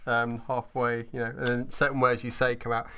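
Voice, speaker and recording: Chatty podcast co-host. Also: male voice, mid-range voice, level tone, a little fast, fairly bright tone, a little hiss or hum. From Britain. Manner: chatty, laughing, slips into joke accents. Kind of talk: casual chat.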